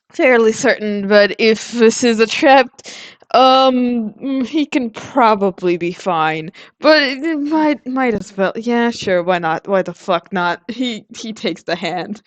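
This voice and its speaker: A woman playing her character in a tabletop role-play, talking in a hesitant, halting way. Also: a little high, expressive. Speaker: player.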